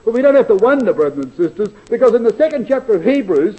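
A man preaching a sermon to brothers and sisters in an earnest, emphatic way, slowing to stress scripture and often dropping to a near hush. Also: high-pitched, very animated, dull audio. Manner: varies loudness widely, dropping to near hush.

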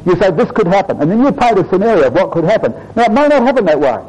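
A man preaches an expository sermon, walking his listeners through the meaning of old place names. His voice sits high for a man and swings widely in pitch as he teaches. He keeps calling the congregation brothers and sisters. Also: very animated, racing, darkish tone, husky, rough recording. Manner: addresses "brothers and sisters", explains Hebrew word meanings.

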